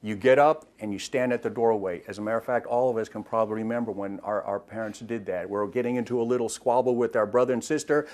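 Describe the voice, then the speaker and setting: A man's voice: on the low side, quick pace, hardly any pauses, darkish tone. A middle-aged man, a retired police officer, explaining things in an interview in a plain way and often repeating words as he thinks.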